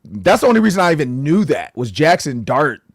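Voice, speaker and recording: A man's voice: fairly high pitch, sing-song, a little fast, no room sound. Man, sports podcast co-host, rambling, self-correcting, dry close mic. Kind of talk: casual sports analysis chat.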